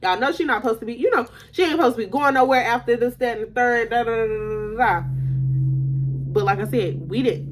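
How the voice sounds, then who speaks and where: A young woman in casual storytime mode, her voice pitched a little high. She is chatty and slangy, talks straight to her viewers as y'all, and laughs often as she tells it. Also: a little fast, a little hiss or hum. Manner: laughs often while telling. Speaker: vlogger telling a story.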